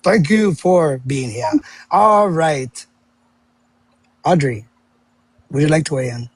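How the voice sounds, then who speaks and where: A man from Florida hosting a live audio panel, giving astrology readings in a warm, affirming way. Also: fairly high pitch, slow, breathy edge. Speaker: panel host.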